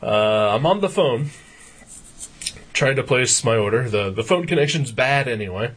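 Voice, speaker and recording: A man co-hosting a podcast, telling a profane story in casual chat and getting loud as he retells his anger. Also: mid-range voice, lively intonation, moderate pace, breathy edge. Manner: profane ranting anecdote, gets loud when retelling anger. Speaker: podcast co-host.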